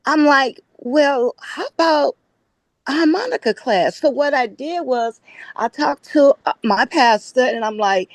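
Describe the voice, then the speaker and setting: A woman guest with a Chicago accent, telling a lively story and acting out the quoted dialogue. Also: sits high, measured pace, no room sound. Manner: animated, acts out quoted dialogue. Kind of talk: casual storytelling.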